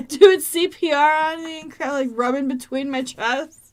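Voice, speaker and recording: A woman in her thirties, co-hosting a casual podcast chat, animated and swearing, breaking into loud acted-out quotes. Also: sits high, normal speed, slight background noise. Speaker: podcast co-host.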